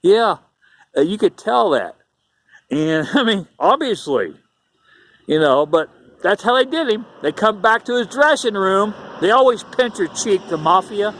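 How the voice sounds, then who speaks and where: A man's voice: high voice, big pitch swings, a little slow, a bit bright. A man telling a rambling, repetitive story in a casual vlog monologue. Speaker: YouTuber.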